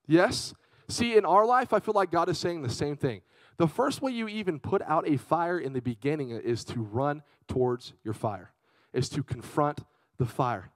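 Animated young male youth preacher. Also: fairly high pitch, moderate pace, no echo, rough recording. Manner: animated storytelling, swings from loud to hushed. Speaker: youth pastor. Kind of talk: energetic youth sermon.

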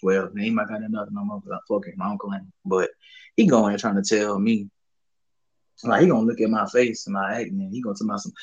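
Young man, husky tone, laid-back and profane, casual storytelling host. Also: lowish voice, level tone, fast, lo-fi sound. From Southern US. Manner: profane, laid-back, rambling with frequent fillers. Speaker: podcast co-host.

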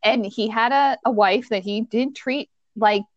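A woman telling a workplace story in a casual chat, animated and laughing often as she talks. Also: a little high, measured pace, dry recording. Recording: dull, dry sound.

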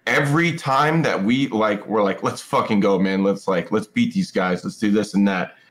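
A man's voice: fairly low pitch, moderate pace. Profane, rambling man telling a story. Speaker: esports pro player guest. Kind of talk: casual podcast chat.

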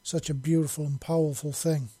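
A man's voice: fairly high pitch, little pitch movement, brisk, mellow, slightly rough, no room sound. A man reading the part of a haunted, remorseful male alien judge who speaks in a broken, pleading voice.

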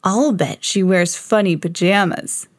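A woman's voice: fairly low pitch, unhurried, no room sound, clean studio sound. A woman voicing a snooping little schoolboy. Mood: conspiratorial. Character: skeptical, snooping young schoolboy.

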